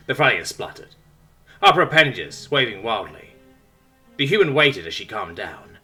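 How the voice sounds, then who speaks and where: A man narrating a science fiction story in a lowered, understated voice. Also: big pitch swings, normal speed, sharp tone, slightly rough, soft background music.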